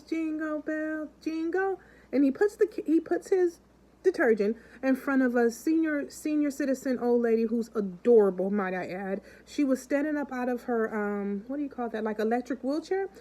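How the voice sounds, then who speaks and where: Her voice sits high and has a dark tone as this woman vlogger chats casually and tells stories to her viewers. She acts out the characters and keeps addressing the audience directly. It's a low-quality recording.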